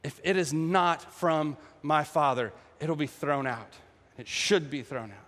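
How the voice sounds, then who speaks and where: A man's voice: fairly high pitch, measured pace, a bit bright, voice pushed down. A man voicing Jesus as a patient, teasing teacher in casual, jokey speech. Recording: echoey hall.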